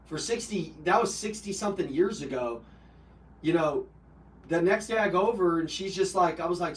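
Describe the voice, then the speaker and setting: A man speaks in a high voice at a normal speed, hosting a live personal development call. Bluntly and with swearing and fillers, he tells an emotional story about himself. The sound is roomy, picked up from a distance.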